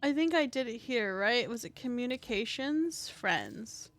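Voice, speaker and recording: A woman's voice: on the high side, expressive, a little slow, a bit bright, no room sound. A tired woman with a scratchy throat, rambling as she streams a game, full of fillers, swearing and joking at her own expense. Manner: rambling, filler-heavy, swears freely, self-mocking. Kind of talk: casual live-stream chat.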